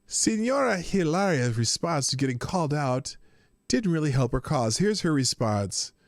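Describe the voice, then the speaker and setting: A man's voice: a little high, sing-song, moderate pace, no room sound, clean studio sound. A man hosting a podcast, giving casual mocking commentary and often breaking into incredulous laughter. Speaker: podcast host.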